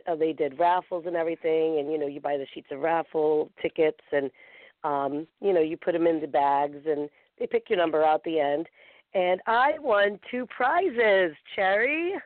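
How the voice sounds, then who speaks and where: A woman's voice: low-pitched, dry recording. A woman talk show host telling a story in chatty, casual fashion, full of filler words. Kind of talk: casual chat. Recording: tinny phone line.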